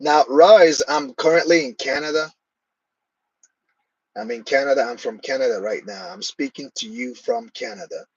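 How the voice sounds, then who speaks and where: A man's voice: mid-range voice, normal speed, creaky, breathy edge, no echo, dull audio. A man hosting a live stream, chatting casually and answering viewers' comments by name.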